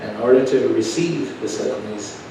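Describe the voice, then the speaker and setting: A man preaching a storytelling sermon in a folksy way, going from quiet asides to loud, emphatic telling. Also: mid-range voice, moderate pace, background noise. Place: church sanctuary. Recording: echoey church room heard from a distance.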